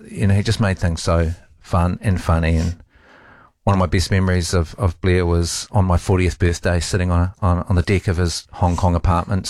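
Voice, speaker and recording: Man in his 40s, radio talk host, deep voice, halting heartfelt tribute, dry close mic. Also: darkish tone, dry recording. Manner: halting, with restarts and pauses.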